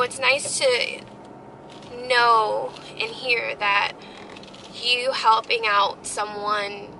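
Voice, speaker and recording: A woman's voice: a little high, gravelly, bright, forceful tone, slight background noise, rough recording. A young woman telling a heartfelt story in a casual family vlog, rambling with many fillers. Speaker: family vlogger.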